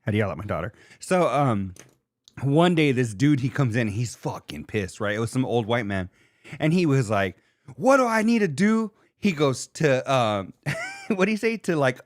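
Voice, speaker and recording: A man's voice: medium pitch, dry recording, studio quality. Profane, laughing man telling stories. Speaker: podcast host. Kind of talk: casual chat.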